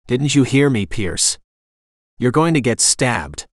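A sharp-tongued psychic woman, read by a man in a storybook. Her talk is brisk and exasperated, with a mid-pitched voice. The read is dry and close, with no room around it. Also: very animated, dry recording. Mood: impatient. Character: female psychic, blunt, impatient.

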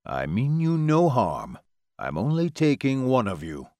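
A man voicing a cold, ruthless male vampire who speaks slowly with a snarling, menacing edge. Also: medium pitch, huge pitch swings, dark tone, dry recording. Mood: calm.

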